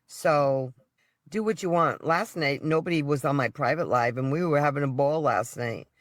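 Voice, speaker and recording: A man's voice: on the high side, moderate pace, fairly bright tone, no room sound, clean studio sound. A man on a livestream, defiant and dismissive toward his viewers. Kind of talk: defiant rant to camera.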